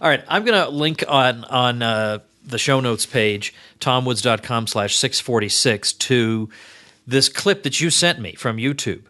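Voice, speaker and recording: Bright-toned male host, energetic interviewer. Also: mid-range voice, unhurried. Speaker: podcast host. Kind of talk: casual interview.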